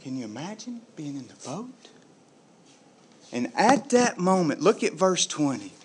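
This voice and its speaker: Casting note: male pastor with a slightly high voice, preaching a storytelling sermon and playing the people in it. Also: big pitch swings, measured pace, a little hiss or hum.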